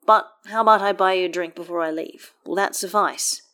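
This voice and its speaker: A woman's voice: fairly low pitch, a little fast, sharp tone. A woman voicing a tired, politely exasperated wizard man with a dry wit, reading fan fiction aloud. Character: weary, polite, dryly witty wizard man.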